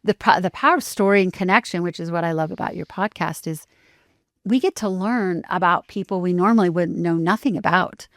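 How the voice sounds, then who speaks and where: A woman with a lowish voice tells a story as a podcast guest, animated and expressive, slipping into the voices of the people she describes. The sound is close and dry, with no room around it. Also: fairly quick, dry recording. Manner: animated, acts out dialogue with lively shifts.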